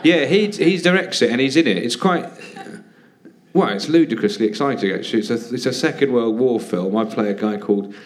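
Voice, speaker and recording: A man with an average-pitched voice rambles through self-mocking anecdotes on a theatre stage, restarting sentences and laughing as he goes. He talks like a comedian chatting as a guest. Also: lively intonation, brisk. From Britain. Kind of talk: casual anecdotal chat. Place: theatre stage, live podcast.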